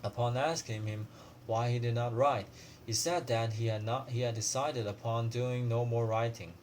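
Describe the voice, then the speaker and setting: A man reading a classic story aloud as a student, at a steady pace with frequent slips and restarts. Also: medium pitch, moderate pace, a little hiss or hum. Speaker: student reader.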